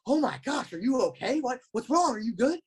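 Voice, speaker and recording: A young man acting out his panicked ten-year-old self in a high, frantic voice. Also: very animated, brisk, slightly rough, full character voice. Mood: alarmed. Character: panicked wide-eyed ten-year-old boy, gushing.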